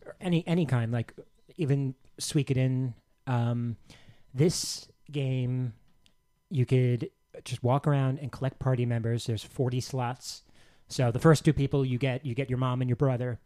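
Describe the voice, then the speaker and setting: A man's voice: medium pitch, fairly even intonation, moderate pace, dark tone. A man on a casual podcast, eagerly explaining a game with small restarts. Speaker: podcast co-host. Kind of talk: casual chat.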